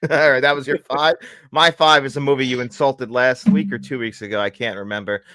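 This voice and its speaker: A man's voice: mid-range voice, fairly even intonation, a little fast, pushed and bright, no echo. Male co-host, casual and jokey, laughs easily, dry close recording. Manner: laughs often, acts out film quotes. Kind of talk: casual live show chat.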